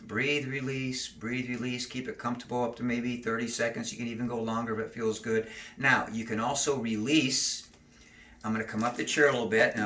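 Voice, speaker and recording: A man teaching neck and shoulder stretches, giving calm step-by-step cues and slow breathing counts. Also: medium pitch, far from the mic, slight background noise. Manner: calm, cueing slow breathing and gentle moves. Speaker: stretching instructor. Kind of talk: exercise demonstration. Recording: roomy, from off mic.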